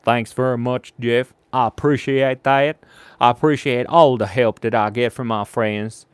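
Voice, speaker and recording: A man's voice: medium pitch, steady tone, unhurried, clear, resonant tone, no room sound. A man hosting a live drawing stream, chatting playfully and reading out viewer comments as he draws. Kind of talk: casual live-stream chat while drawing.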